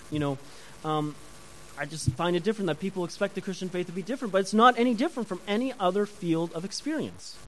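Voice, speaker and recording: Male preacher, high and animated, conversational sermon with questions to the congregation, faint hiss. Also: rough recording. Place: church before a congregation.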